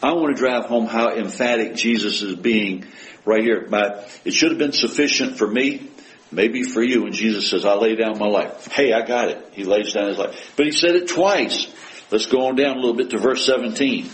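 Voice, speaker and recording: A male preacher addresses his congregation with lively intonation and a mid-range voice at a moderate pace, heard through poor audio. Emphatic and questioning, he quotes scripture with rising force before quieting to a hush to pray from the heart.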